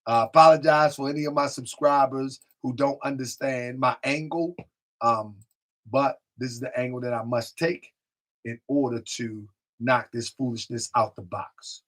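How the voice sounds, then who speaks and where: Medium in pitch, steady, and fairly bright, this man's voice moves at a moderate pace as he runs a casual live stream. Reading out comments and addressing chat directly, he frequently repeats himself and wanders off mic.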